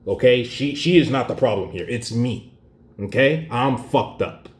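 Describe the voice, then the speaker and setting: A man's voice: medium pitch, expressive, measured pace. A man telling a story as a profane, sarcastic rant, in an echoey room.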